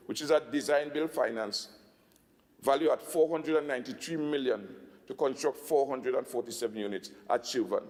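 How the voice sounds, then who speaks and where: A man with a Tobagonian accent giving a budget speech in a legislative assembly, emphatic, slowing down to stress figures. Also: mid-range voice, darkish tone, big-room sound. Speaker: assembly secretary.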